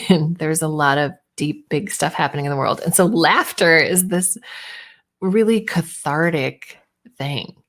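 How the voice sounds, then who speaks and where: A woman's voice: deep voice, measured pace, fairly bright tone. A woman hosting a live online workshop as a speaking coach, chatty and bubbly, often laughing.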